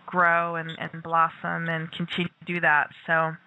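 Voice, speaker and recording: A woman hosts an internet radio interview and cheers her guest on effusively. Her voice has a bright, clear tone. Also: low-pitched, monotone, moderate pace, poor audio. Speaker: radio host.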